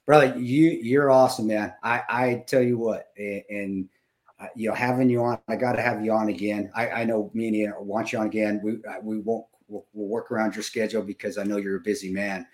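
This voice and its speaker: Emotional fifty-something man, halting speech. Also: on the low side, flat delivery. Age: 50s. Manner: emotional, halting, many restarts. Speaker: podcast co-host. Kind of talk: casual podcast chat.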